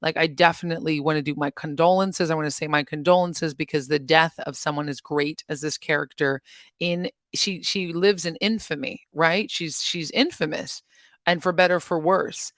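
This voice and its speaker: A woman's voice: low voice, steady tone, moderate pace, fairly bright tone, dry recording. Chatty woman with a dry close sound. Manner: chatty, rambling, laughs often. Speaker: channel host reacting to news. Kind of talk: casual reaction vlog.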